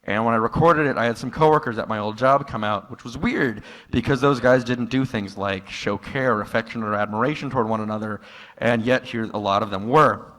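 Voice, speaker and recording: A man doing a stand-up comedy set in a live room, telling stories in a dry tone that jumps into loud, exasperated outbursts. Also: mid-range voice, brisk. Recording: live room with long hall reverb.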